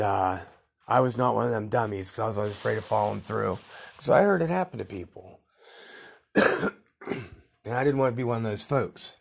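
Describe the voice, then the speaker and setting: A man's voice: mid-range voice, vocal fry, breathy edge. A middle-aged man hosting a podcast, telling rambling, blunt stories from his youth in a casual monologue. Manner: rambling, blunt, tough-guy storytelling. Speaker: podcast host.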